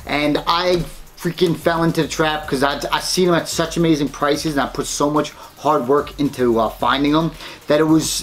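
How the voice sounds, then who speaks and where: Excited, chatty unboxing host man. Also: on the high side. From New York, United States. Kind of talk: casual unboxing vlog.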